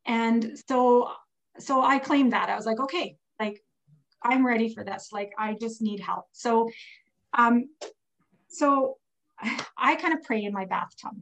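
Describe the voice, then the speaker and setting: A woman recounting a personal faith story in a casual, heartfelt way. She is getting over pneumonia and speaks in a slightly high voice, stopping often on fillers as the feeling builds. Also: measured pace, vocal fry, long pauses, a bit bright, low-quality recording. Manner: earnest, emotional storytelling with many fillers. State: recovering from pneumonia. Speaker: guest telling a personal story. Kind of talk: casual testimony.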